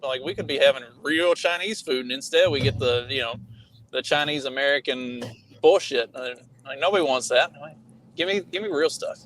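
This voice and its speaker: A man's voice: medium pitch, normal speed, a bit bright, slight background noise, poor audio. A man co-hosting a casual podcast chat, making provocative jokes and laughing at them. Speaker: podcast co-host.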